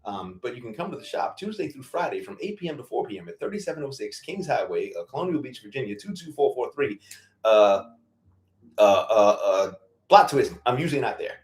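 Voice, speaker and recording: A man's voice: mid-range voice, big pitch swings, fairly quick. A man hosting a casual livestream Q&A about his farm, blunt and profane, laughing as he tells stories. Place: farm in Virginia.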